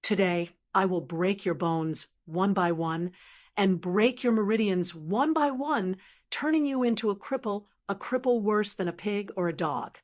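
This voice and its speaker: A woman's voice: medium pitch, unhurried, lightly acted. A woman voicing a furious, vengeful male alliance leader who roars threats. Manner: roaring, threatening.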